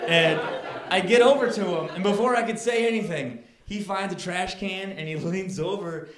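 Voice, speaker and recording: A man's voice: high-pitched, normal speed. A man doing stand-up, telling a story and acting out scenes with rising outbursts. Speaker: stand-up comedian. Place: comedy club stage. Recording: roomy club with laughing audience.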